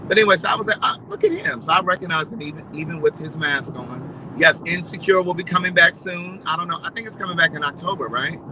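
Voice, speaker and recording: A man chatting casually to his viewers, telling stories in a gossipy, animated way. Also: fairly high pitch, quick pace, hardly any pauses, noisy background. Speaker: vlogger. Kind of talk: casual storytelling chat.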